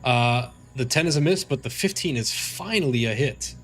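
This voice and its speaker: A man's voice: mid-range voice, animated, normal speed, fairly bright tone, faint music behind. A man narrating as game master in a tabletop game, loose and rambling with many fillers.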